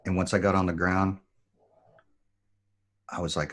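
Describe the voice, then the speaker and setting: Male podcast guest, former Marine, deep voice, measured storyteller. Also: little pitch movement, a bit bright. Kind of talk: storytelling in conversation.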